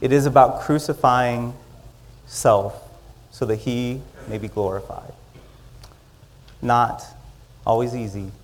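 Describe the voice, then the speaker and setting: Man preaching, gets loud then drops real soft, middle pitch voice. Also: a little hiss or hum. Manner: dynamic, rising loud in the story and dropping to soft closings. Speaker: pastor. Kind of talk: sermon.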